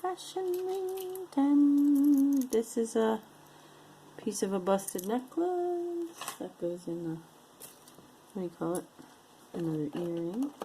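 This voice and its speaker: A woman's voice: medium pitch, expressive, unhurried, pauses often, dark tone, a little hiss or hum, rough recording. A woman casually showing and describing jewelry pieces one by one, with playful sing-song asides. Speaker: jewelry unboxing vlogger. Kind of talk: casual show-and-tell commentary.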